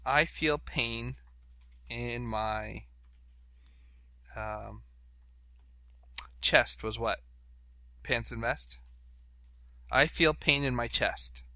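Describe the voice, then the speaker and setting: Bright-voiced male podcast host. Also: medium pitch, very slow, long pauses, no echo. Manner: chatty, reads out web pages, laughs often. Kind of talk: casual chat.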